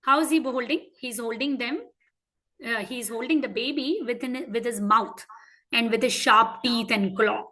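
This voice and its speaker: A woman with an Indian English accent teaching a class of children, asking them frequent questions and telling stories in an animated way. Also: on the high side, unhurried, poor audio. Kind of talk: interactive lesson for children.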